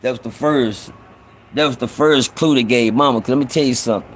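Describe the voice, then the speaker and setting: A man's voice: mid-range voice, fairly quick, a little hiss or hum. A man telling a rambling, profane story from his own life in a casual way, with many restarts. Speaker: storyteller host.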